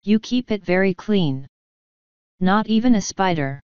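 A mournful talking toad grumbles his lines slowly , as a woman reader puts him on. The voice is clean and precise, lowish for a woman. It sits in a dry, slightly muffled storybook recording. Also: lively intonation, a little mellow, smooth, dry recording, lightly acted. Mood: grumbling.

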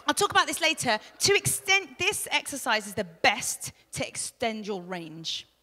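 A woman from England, teaching a live vocal masterclass, chatty and demonstrative, with loud sung demos and soft asides. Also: on the high side, sing-song, moderate pace. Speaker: vocal coach. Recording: long hall reverb.

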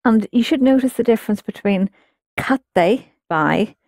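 A woman's voice: on the high side, expressive, measured pace, a little mellow, no echo, clean studio sound. A woman teaching a language lesson, explaining patiently and prompting her students to answer.

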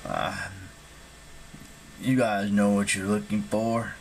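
A man voicing a confident, determined teenage boy hero in an audiobook, speaking briskly. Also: lowish voice, fairly even intonation, a little hiss or hum. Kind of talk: audiobook reading.

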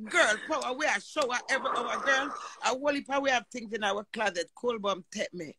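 A high, gravelly-voiced woman. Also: fairly quick, bright, forceful tone, a little hiss or hum. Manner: preacherly, emphatic. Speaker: livestream host. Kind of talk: emotional live chat and prayer.

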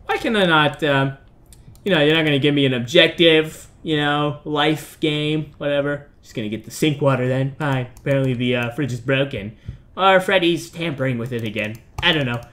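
A man's voice: a little high, lively intonation, brisk, fairly bright tone. A man giving rambling, joking let's-play commentary on a horror game, jumping between mock outrage and mumbled asides. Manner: rambling, jokey, chatting to himself and characters.

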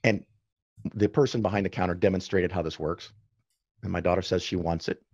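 A man with a fairly low voice tells stories in an easy, chatty way. He breaks off into quick asides and corrects himself as he talks. The sound is dry and a little dull, with a lo-fi edge. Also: steady tone, a little mellow, breathy edge, no room sound. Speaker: podcast guest. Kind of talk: casual storytelling in conversation.

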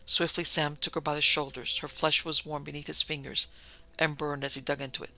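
A man narrating a classic horror story for a podcast in a measured, dramatic manner. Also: a little high, flat delivery, creaky, sharp tone, rough recording.

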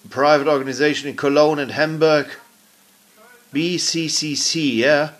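A man's voice: fairly high pitch, little pitch movement, unhurried, a bit bright. A middle-aged man whose first language is German, ranting furiously in English with a German accent, swearing and rambling as a frustrated business owner. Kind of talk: angry rant to camera.

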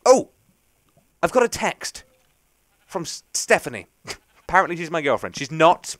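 A young man hosts a let's play, rambling and joking at his own expense. His voice sits a little high and swings widely in pitch. The sound is close and dry. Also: sing-song, normal speed, no echo. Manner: rambling, chatty, self-mocking. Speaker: gaming channel host.

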